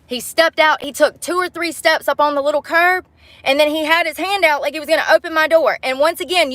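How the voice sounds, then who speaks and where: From inside her car at night, a woman vlogger delivers a furious, blunt rant to the camera, full of swearing. Her voice sits high and sounds pushed and bright, with no room sound at all.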